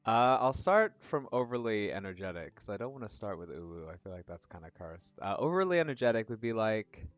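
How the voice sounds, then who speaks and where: A man's voice: lowish voice, expressive, fairly quick, few pauses, no room sound. A man streaming a game, chatting casually with his viewers in a rambling way. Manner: chatty, rambling, frequent fillers and laughs. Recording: dull lo-fi audio with faint music.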